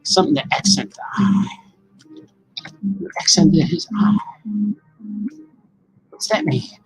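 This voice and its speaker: A man's voice: high voice, slow, gravelly, slightly rough, faint music behind, poor audio. A man rambling and joking to himself while drawing, calling everyone "man". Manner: talks to himself, musing and joking, says "man" often. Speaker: cartoonist drawing on camera.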